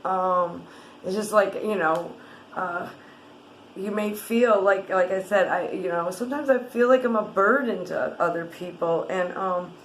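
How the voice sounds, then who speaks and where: A woman guiding a tapping exercise in a gentle, rambling way, with many fillers and restarts. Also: mid-range voice, unhurried, echoey room, slight background noise, low-quality recording. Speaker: wellness guide.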